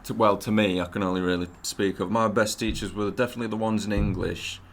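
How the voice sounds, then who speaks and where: A young man talks on a podcast in a fairly low voice. He is relaxed and hesitant, filling gaps with "uh" and "um" as he tells his stories. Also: fast talker, slight background noise. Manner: laid-back, hesitant, many fillers. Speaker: podcast guest. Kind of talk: casual chat.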